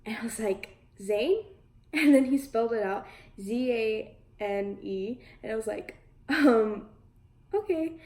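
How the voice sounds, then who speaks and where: A young woman vlogger telling a story in a casual, excitable way, giggling often and using lots of fillers. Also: a little high, slow, roomy sound.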